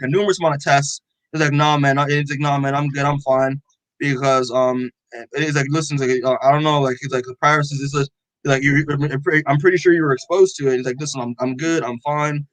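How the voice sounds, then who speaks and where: A man's voice: fairly high pitch, fairly bright tone, dry recording, poor audio. A man co-hosting a podcast, casually recapping a comic with lots of "like" and acted-out dialogue. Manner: rambling, full of "like" and quoted dialogue. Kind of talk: casual chat.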